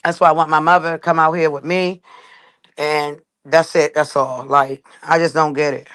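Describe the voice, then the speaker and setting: A woman's voice: deep voice, flat delivery, moderate pace, a bit bright. A woman speaks straight to her viewers, telling her own story in a blunt, emphatic way with plenty of swearing. The recording is dry and close, with no room echo.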